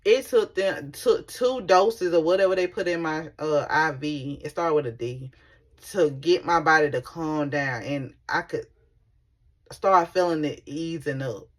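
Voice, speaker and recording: A young woman recounts a personal story on her vlog, animated and conversational, full of casual slang. Her voice sits a touch low for a woman, and she talks to viewers like friends. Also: unhurried. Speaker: vlogger.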